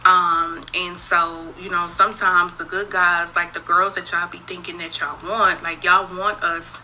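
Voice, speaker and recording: A woman's voice: fairly low pitch, flat delivery, unhurried, sharp tone, a little hiss or hum, poor audio. A woman and single mother speaking in a confessional social media video, candid and profane, talking straight to her viewers. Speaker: single mother, former dancer.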